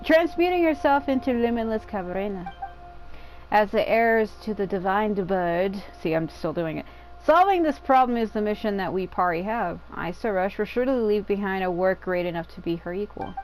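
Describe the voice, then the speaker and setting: A woman's voice: mid-range voice, animated, a little fast, close to an everyday voice, rough recording. A woman voicing a solemn, dutiful female spirit while reading game dialogue aloud, in an odd formal accent she slips into. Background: game music.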